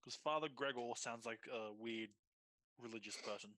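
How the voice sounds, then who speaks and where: A man's voice: medium pitch, normal speed, pushed and bright, no room sound. A young man, a player, joking and teasing his friends bluntly, laughing often. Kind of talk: casual chat over a game stream.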